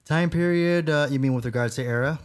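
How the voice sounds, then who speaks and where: A man's voice: a little high, a little fast, clear, resonant tone. A man co-hosting a casual horror podcast, rambling with lots of fillers. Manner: rambling, full of "you know" and "uh" fillers. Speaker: podcast co-host.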